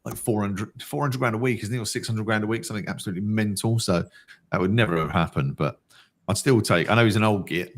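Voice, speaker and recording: A man with a deep voice co-hosts a fan watch-along. He reads viewer comments aloud and answers each one in a glum but talkative way. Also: quick pace. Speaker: fan channel co-host. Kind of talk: casual match watch-along chat.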